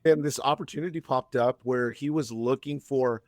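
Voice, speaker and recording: A man's voice: medium pitch, normal speed, darkish tone, no room sound. Dry-voiced man in his fifties telling stories. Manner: chatty, rambling, frequent restarts. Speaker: podcast guest. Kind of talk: casual storytelling.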